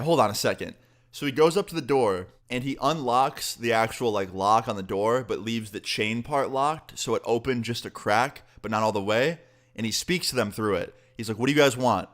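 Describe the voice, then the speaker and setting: A young man casually telling a storytime to his viewers, swearing often and acting out the people in it. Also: normal speed. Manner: profane, animated, quotes people with pitch jumps. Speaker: storytime vlogger.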